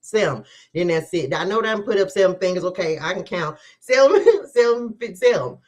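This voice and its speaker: Woman tarot reader hosting a live stream; casual, lively, laughing, talks to the viewers. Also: fairly low pitch, fast. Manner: chatty, animated, laughs often, talks straight to viewers.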